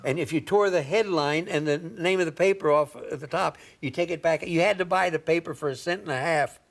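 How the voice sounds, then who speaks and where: A man in his seventies from Indiana spins folksy stories in a sit-down interview. His voice sits a little higher than most men's, and he chuckles and checks in with "see?" as he talks. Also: fairly quick, vocal fry. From Indiana, USA. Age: 70s. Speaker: comedian guest. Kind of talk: anecdotal storytelling in an interview.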